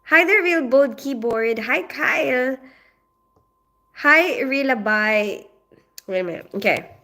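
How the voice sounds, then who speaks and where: A woman's voice: sits high, lively intonation, takes it slowly, pushed and bright. A woman from the Philippines, a nurse chatting casually on a livestream, rambling with lots of "you know" and "like". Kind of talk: casual livestream chat, greeting viewers.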